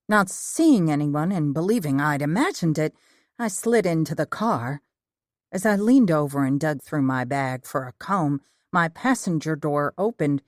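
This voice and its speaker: A woman narrating an audiobook in the first person, with an even storytelling manner. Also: sits low, no echo, studio quality.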